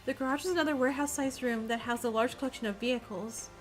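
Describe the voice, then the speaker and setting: High-voiced woman streamer reading narration. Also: rapid-fire, faint music behind. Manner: reads narration with small slips and self-corrections. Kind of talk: reading a visual novel aloud on a live stream.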